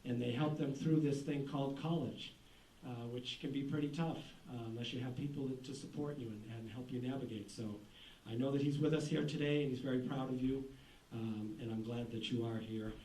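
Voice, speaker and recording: A man's voice: mid-range voice, steady tone, fairly quick, warm tone. A man giving a tribute and introducing an inductee at a ceremony. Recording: distant, echoey hall with faint hiss.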